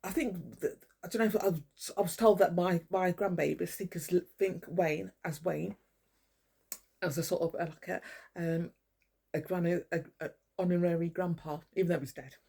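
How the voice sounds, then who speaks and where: An older woman vlogger speaks to the camera in a fairly low, steady voice at a moderate pace, gravelly and dark with a breathy edge. Her monologue is angry and rambling, packed with swearing as she rants and calls people out by name, addressing them directly.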